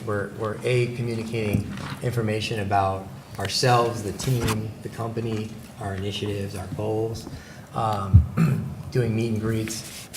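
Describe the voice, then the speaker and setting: A man giving a formal presentation at a public meeting, hesitant, with many fillers and restarts, on a table microphone in an echoey meeting room with background noise. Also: on the low side. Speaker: presenter for a company's supplier outreach.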